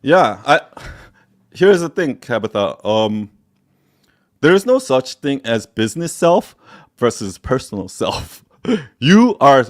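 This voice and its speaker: A man hosts a live question-and-answer stream and talks in a blunt, profane way. He laughs often between points. His voice sits at an ordinary middle pitch. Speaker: host answering viewer questions.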